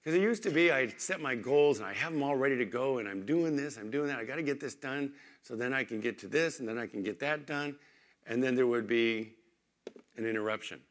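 In a church, a man preaches as pastor with a mid-range voice and a slightly quick pace. His delivery stays conversational, alternating forceful points with hushed stories.

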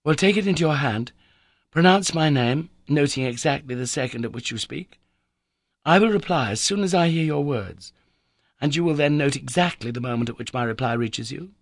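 A man's voice: fairly high pitch, animated, moderate pace, dry recording, clean studio sound, voice pushed up. A man voicing a young man lost underground who talks urgently and pleadingly. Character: young man lost in a cave, weak and anxious.

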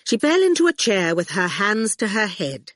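Woman, storybook narration, expressive, lively pitch, slow, dry recording. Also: no room sound. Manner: unhurried, expressive reading. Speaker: audiobook reader.

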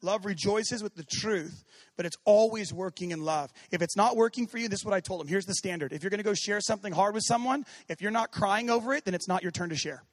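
A man preaching a sermon as pastor, animated, swinging from shouting to hushed tones and acting out quoted voices. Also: high-pitched, fast talker, no echo.

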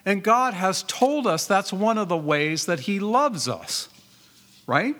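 A man with a high voice preaches a sermon to his congregation, stressing key words and asking rhetorical questions. His voice rings with a long reverb, as if it fills a large church hall. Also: animated, slow, pushed and bright. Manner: rhetorical questions, emphatic repetition, reads scripture aloud. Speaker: pastor.

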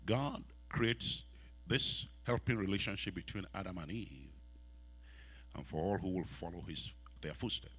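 A man with a West African accent preaching a sermon in a church, asking the congregation questions and swinging from soft, quiet lines to loud ones. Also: low voice, measured pace, breathy edge. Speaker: pastor.

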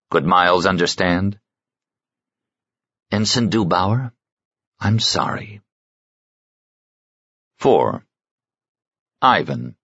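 A man with a very low voice reads an audiobook in a measured, somber way. The recording is dry, with no room around it. It also sounds a little dull and lo-fi. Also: a bit bright, no room sound. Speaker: audiobook narrator. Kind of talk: scripted narration.

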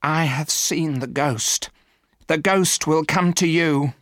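A man voicing an old woman housekeeper who speaks slowly in a quiet, ominous voice. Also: fairly high pitch, dry recording, studio quality, pitched above the performer's own voice. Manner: slow, hushed warnings.

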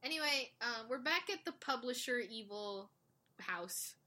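A woman casually recapping a drama series, animated and quick, acting out the characters' lines. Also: on the high side. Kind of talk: casual chat.

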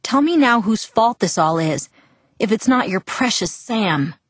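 A woman's voice: a little high, expressive, measured pace, no room sound, voice pushed up. A woman reading the lines of a hurt, defiant teenage girl who presses for answers. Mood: upset.

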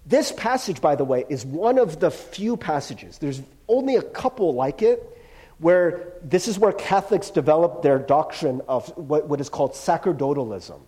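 A male pastor delivers a sermon in an easy, conversational way, full of slang and asides. His voice sits high and swings widely in pitch. He drops to a near hush when he quotes scripture. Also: moderate pace. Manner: animated, casual slang, drops to hushed voice for quotes.

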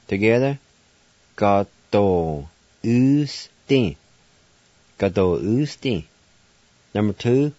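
Slow, patient man teaching on the radio. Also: lowish voice, warm tone, no echo, highs cut off. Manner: patient, spells words out letter by letter. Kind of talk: radio language lesson.

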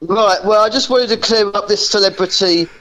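Halting, stammering male caller. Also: high voice, a bit bright, low-quality recording. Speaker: phone-in caller. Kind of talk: casual chat. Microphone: telephone.

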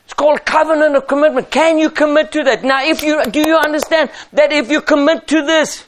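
High-voiced preaching pastor, emphatic. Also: male voice, fairly even intonation, a little fast. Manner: emphatic, preaching with rhetorical questions. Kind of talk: sermon.

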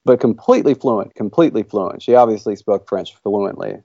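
The guest on this casual podcast chat is a language creator who talks with enthusiasm, rambling and using many fillers. His lowish voice is gravelly, mellow, and slightly rough, moving a little fast, and the recording is dry and muffled.

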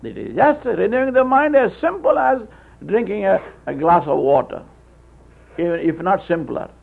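A man preaching a sermon, with halting restarts, telling stories and acting out voices. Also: high voice, big pitch swings. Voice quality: gravelly, husky. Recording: tinny phone-like old tape.

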